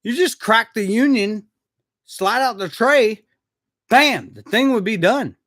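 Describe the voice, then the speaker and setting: A man talks casually and slowly to his live-stream viewers, rambling about his work with frequent chuckles and the odd curse. His voice sits a little high, and the recording is dry and close, with no room echo. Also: animated, a bit bright. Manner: laid-back, rambling, chuckles often, swears casually. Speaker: maintenance worker streaming live. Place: Jacksonville.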